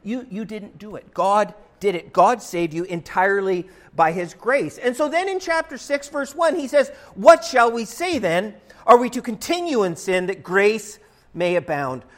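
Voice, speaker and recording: High-voiced man preaching a sermon. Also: lively intonation, normal speed. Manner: emphatic, conversational preaching with rising stresses. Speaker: pastor. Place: church sanctuary.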